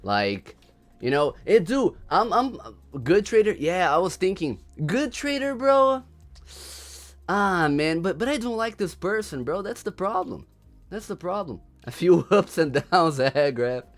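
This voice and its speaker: A man's voice: a little high, sing-song, a little slow, faint music behind. A young man from Brazil with a Brazilian accent, hosting a casual livestream, laughing often and repeating himself in slangy chatter. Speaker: livestream host.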